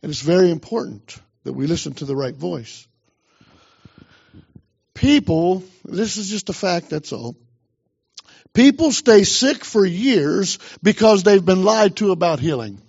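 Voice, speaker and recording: A man's voice: high voice, expressive, unhurried, vocal fry, darkish tone, breathy edge. Emphatic pastor guy giving a sermon, kinda muffled lo-fi recording. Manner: emphatic preaching, urging the congregation on.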